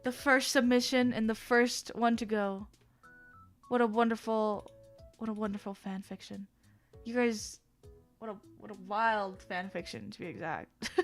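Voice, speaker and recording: A young adult woman streamer reading fan fiction aloud on a livestream, theatrical and lively, breaking off often to laugh and make asides. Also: on the high side, unhurried, long pauses, soft background music.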